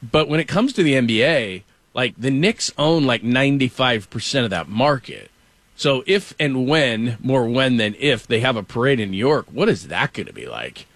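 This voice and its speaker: A man's voice: mid-range voice, very animated, moderate pace, fairly bright tone, dry recording. A middle-aged man hosting casual sports talk, rambling through stories and acting out quotes as he goes. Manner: rambling storyteller, acts out quotes. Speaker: sports radio host.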